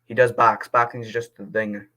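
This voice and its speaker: A young man reading movie reviews aloud in a casual vlog, passionate and quick to get indignant, then apologizing. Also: on the low side, level tone, sharp tone, rough recording.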